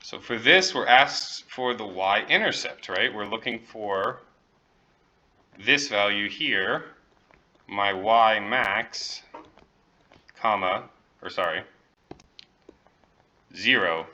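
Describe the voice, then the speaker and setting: A man's voice: on the low side, slow pace, pauses often, bright, forceful tone, highs cut off. A man teaching economics, working through a problem step by step and checking in with students, with the occasional joke. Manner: light, joking asides. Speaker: economics professor. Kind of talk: classroom lecture.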